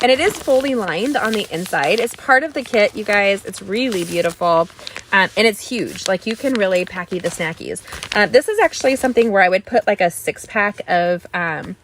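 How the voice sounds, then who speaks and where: Bright, bubbly woman livestreaming crafts. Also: medium pitch, slight background noise. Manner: chatty, bubbly, talks straight to viewers. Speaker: crafting channel host. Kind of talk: live crafting stream chat.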